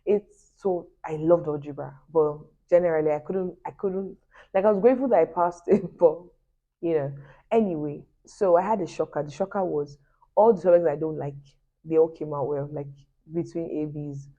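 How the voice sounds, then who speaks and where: Low-voiced woman telling stories. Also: moderate pace. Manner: chatty and animated, addresses viewers as guys, laughing asides. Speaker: vlogger. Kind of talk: personal storytelling to viewers. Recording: dull lo-fi recording.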